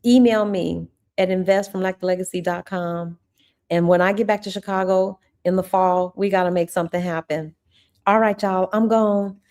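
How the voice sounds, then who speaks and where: A woman's voice: on the low side, steady tone, moderate pace, a little mellow. A woman, a former teacher, hosting a casual livestream chat with her viewers, effusive and chatty. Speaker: channel host.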